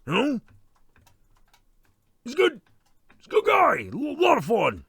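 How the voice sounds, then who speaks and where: A man plays a foul-mouthed masked slasher killer, ranting and swearing as he rambles through a comedy Q&A. His voice is gravelly and husky, pitched fairly high and bright, with a lively, swooping delivery. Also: a little slow, dry recording, heavily acted. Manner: rambling, swearing, irritable rants. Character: crude, excitable masked slasher killer, male adult. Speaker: stream host in character. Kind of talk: in-character comedy Q&A.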